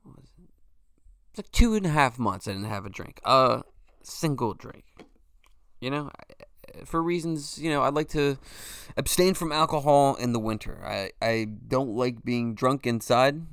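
A man's voice: medium pitch, lively intonation, a little slow, fairly bright tone, clear, resonant tone, dry recording, clean studio sound. A man in his forties hosting a podcast alone, talking in a loose, rambling way, swearing freely and saying "you know" a lot. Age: 40s. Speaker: podcast host. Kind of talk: casual solo monologue.

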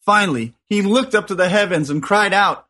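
A man with a slightly high voice co-hosts a laid-back radio chat show. He talks in an easygoing way, with hesitant fillers. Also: fairly quick, pushed and bright. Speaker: radio co-host.

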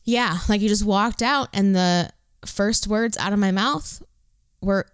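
Woman cohost on a chill talk show, smooth clear voice, blunt and sweary, dry close mic. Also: medium pitch, slow, no echo. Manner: relaxed, blunt, swears casually. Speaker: podcast co-host. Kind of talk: casual chat.

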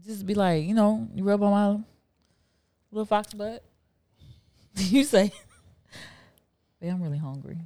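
A woman's voice: medium pitch, a little slow, pauses often, dark tone, no room sound. A woman co-hosting a podcast, chatting casually with teasing, laughing interjections. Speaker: podcast co-host. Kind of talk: casual banter.

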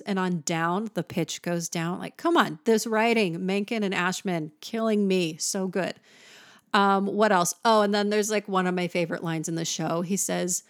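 A woman's voice: fairly low pitch, moderate pace, no echo. Eager woman teacher gushing about songs, dry close sound. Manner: enthusiastic, sings examples. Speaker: music teacher. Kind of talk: casual music lesson.

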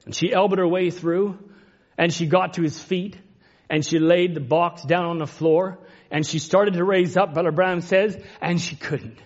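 A high-pitched male preacher delivers an impassioned sermon, sinking to hushed, tender passages and climbing to ringing cries. The recording sounds dull and lo-fi, muffled at the top end. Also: fairly even intonation, moderate pace. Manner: impassioned, swings between hushed and rising cries. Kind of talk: emotional sermon retelling a story.

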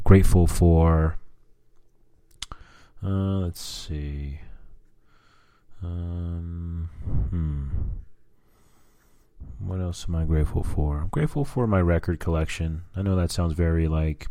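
A deep-voiced man rambles through a casual personal vlog, dropping fillers and curse words as he catches up with his viewers. His tone is dark and mellow, and the recording is dry and close. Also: slow, long pauses, no room sound. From US Southwest. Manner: rambling, frequent fillers and cursing. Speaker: vlogger.

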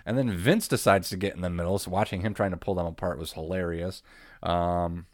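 A man with a very low voice talks through a recap in a loose, rambling way. He swears casually and laughs now and then. The sound is dry and close. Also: steady tone, brisk, dry recording. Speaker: podcast co-host.

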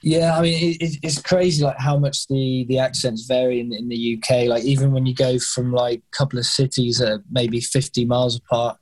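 A man's voice: mid-range voice, level tone, fairly quick, few pauses, a little mellow. A man with an English accent, chatting casually as a guest and often stumbling and repeating his words. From England. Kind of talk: casual conversation.

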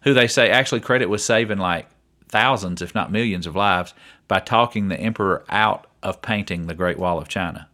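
A man with a low, brisk, pushed, and bright voice co-hosts a casual podcast. Chatty and steering the conversation, he keeps calling his co-host by name.

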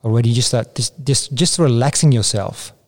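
A man's voice: medium pitch, normal speed, a little mellow. A man from Italy with an Italian accent, a martial arts guest on a podcast, speaking in a hesitant, plain-spoken way. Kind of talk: casual podcast interview.

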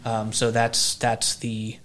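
A man talking through ideas about faith in an even, level voice that barely rises or falls. He speaks at a measured pace, stops to hunt for the right word and often restarts a sentence. It sounds like a relaxed conversation between two people. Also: medium pitch. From southern Ohio. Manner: measured, searching for words, restarts.

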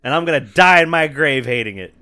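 A brisk, slightly high-voiced Southern man trades stories in casual podcast talk. He swears freely, laughs a lot, and stays animated throughout.

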